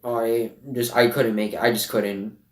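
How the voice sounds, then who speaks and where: A teenage boy vlogging from his bedroom, talking haltingly with many fillers and restarts, sniffly and emotional. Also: mid-range voice, flat delivery. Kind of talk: personal confessional vlog. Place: bedroom at home. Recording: roomy, from some distance.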